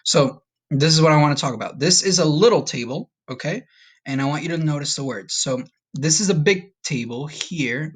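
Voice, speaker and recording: A man teaching a recorded Spanish vocabulary lesson, patient and upbeat, slowing down to repeat each word. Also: fairly high pitch, animated, a bit bright, a little hiss or hum. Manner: patient, slow repetition drills with upbeat asides.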